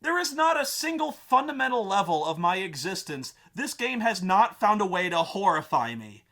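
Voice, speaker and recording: A man's voice: high-pitched, very animated, normal speed, fairly bright tone. A man narrating a comedic game review in a ranting, sarcastic, profane manner.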